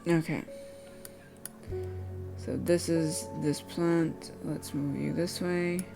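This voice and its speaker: Woman streaming a game, deep-ish voice, muttering to herself, soft music under it. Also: steady tone, takes it slowly, gravelly. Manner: thinking aloud, chatty. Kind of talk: casual gameplay commentary.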